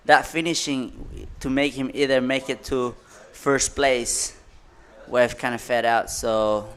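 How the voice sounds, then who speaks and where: A man commentating live on a surf contest, excitable, in loose, broken phrasing. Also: medium pitch, clean tone.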